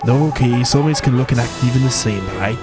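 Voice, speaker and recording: A man's voice: mid-range voice, a little fast, lightly acted. Drippy, a man doing a Welsh fairy. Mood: teasing. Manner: chatty, teasing, drops tag questions. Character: cheeky little male fairy sidekick, chatty and boastful. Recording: game music behind.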